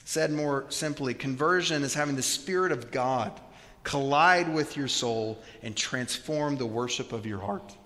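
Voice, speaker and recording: Bright-voiced preacher in a reverberant hall. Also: male voice, medium pitch, unhurried. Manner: storytelling preacher, swings from hushed to loud and emphatic. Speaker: pastor. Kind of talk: sermon. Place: church sanctuary. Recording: long reverb of a large hall.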